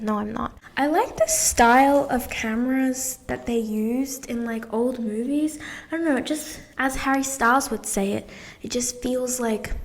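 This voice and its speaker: A woman's voice: fairly high pitch, creaky, a little mellow. A young woman hosting her own podcast, with a slightly British-sounding accent, chatting in a rambling, giggly way while she does a puzzle. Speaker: podcast host. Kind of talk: casual solo podcast chat.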